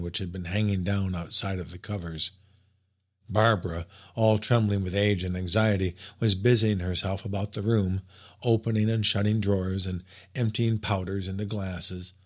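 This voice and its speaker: A man narrating a classic story in a measured, expressive literary reading. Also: deep voice. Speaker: audiobook narrator. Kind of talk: scripted narration.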